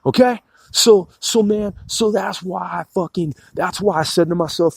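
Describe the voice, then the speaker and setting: A man's voice: high-pitched, gravelly, slightly rough. A man in his forties rambling through a casual solo podcast monologue, profane and peppered with "man" and "bro". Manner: rambling and profane, fills every pause with "man". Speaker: podcast host.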